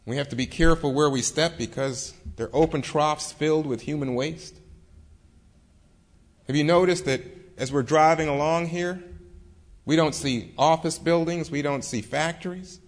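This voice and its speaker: A man's voice: on the high side, moderate pace, lightly acted. A man voicing an older male law dean who scolds a student in an earnest, lecturing way. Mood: stern lecturing.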